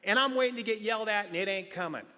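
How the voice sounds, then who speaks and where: A man's voice: high voice, fast talker. A middle-aged man giving a comic recovery share at a meeting, acting out the voices in his stories. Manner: animated comic storyteller, acts out quotes. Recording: reverberant hall sound.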